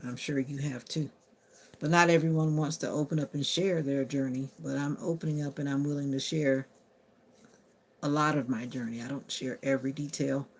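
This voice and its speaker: Woman on a phone live stream, lots of vocal fry, just chatting and reading comments out loud. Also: rumbling low, steady tone, moderate pace. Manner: chatty, answers viewer comments aloud; talks to her phone assistant. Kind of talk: casual live-stream chat.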